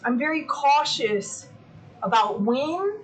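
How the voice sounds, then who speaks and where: A woman hosting a casual livestream from home, chatty and excitable, who swears freely. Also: high-pitched, takes it slowly, low-quality recording. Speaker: livestream host.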